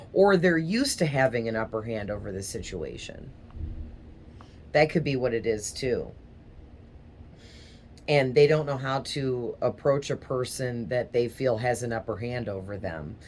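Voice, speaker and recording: A woman with a rumbling low, slightly mellow voice gives a casual tarot reading, rambling hesitantly with small stutters. There's slight background noise.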